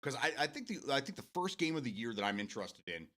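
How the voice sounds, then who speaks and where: A man's voice: mid-range voice, sing-song, fast, a bit bright. A man hosting a casual morning gaming talk show from his home setup, rambling with lots of restarts, swearing freely and laughing often. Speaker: show host.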